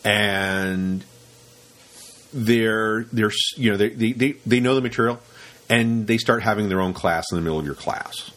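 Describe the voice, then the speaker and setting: Low-voiced rambling man chatting. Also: normal speed, a bit bright. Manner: rambling, repeats words, acts out quoted students. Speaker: podcast host and rope teacher. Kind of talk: casual podcast chat.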